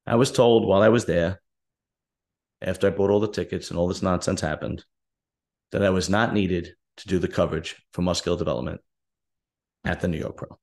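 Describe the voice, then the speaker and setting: A man with a low voice tells a long story on his own show. He speaks bluntly and sounds fed up, and he reenacts what he and others said. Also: steady tone, a little fast, pauses often, darkish tone. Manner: direct, aggrieved, recounting dialogue. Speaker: podcast host. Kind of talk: casual storytelling monologue.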